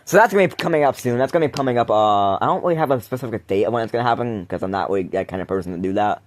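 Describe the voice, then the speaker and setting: A man's voice: mid-range voice, racing. A man hosting a casual podcast chat, rambling with frequent laughs and restarted sentences. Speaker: podcast host.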